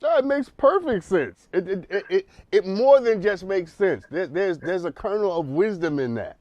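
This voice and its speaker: A man's voice: high-pitched, animated, normal speed, darkish tone, dry recording, highs cut off. A man hosting a counseling talk show, speaking emphatically in a preacherly way and repeating words as he builds a point.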